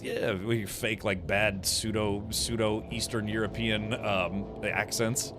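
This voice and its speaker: A man streaming a video game, chatting casually with viewers and reacting out loud as he plays. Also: fairly low pitch, level tone, a little slow, few pauses. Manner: casual, rambling, reacts aloud while playing. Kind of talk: gaming livestream commentary, chatting with viewers. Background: game music.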